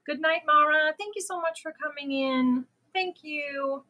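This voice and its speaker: A woman's voice: sits high, measured pace, bright, forceful tone, low-quality recording. A middle-aged woman whose first language is not English, chatting casually and laughing at herself while hosting a livestream. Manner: chatty, self-deprecating, laughs often. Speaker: livestream host. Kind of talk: casual livestream chat with viewers.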